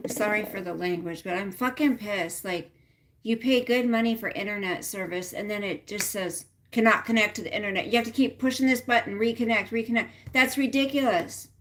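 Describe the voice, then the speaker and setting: Woman on a livestream, rambly and fed up, lots of ums, swears a bit, mid pitch. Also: slight background noise. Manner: frustrated, swearing, rambling with many fillers. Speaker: livestream host. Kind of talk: casual livestream chat.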